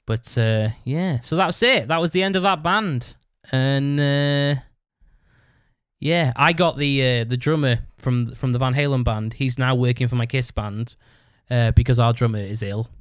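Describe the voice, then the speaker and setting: A man of medium pitch speaks a little slowly in a clear, resonant tone with no echo, hosting his own podcast. He tells a long, casual story bluntly and ramblingly, swearing a lot and restarting often.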